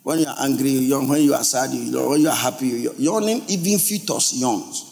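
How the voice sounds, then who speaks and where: A male pastor, preaching a lively sermon and asking his congregation questions. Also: mid-range voice, fairly quick, creaky. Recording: long hall reverb.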